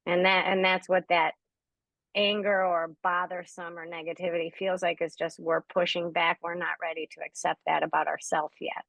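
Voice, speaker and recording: A woman's voice: on the low side, level tone, moderate pace, vocal fry, fairly bright tone, no room sound, poor audio. A woman hosting a spiritual group session on a video call, encouraging and affirming the members. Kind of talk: supportive group discussion.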